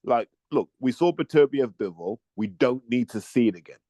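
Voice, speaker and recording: A man's voice: mid-range voice, lively intonation, moderate pace, mellow, no room sound. Blunt opinionated Englishman, dry sound. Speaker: podcast co-host. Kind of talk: casual chat.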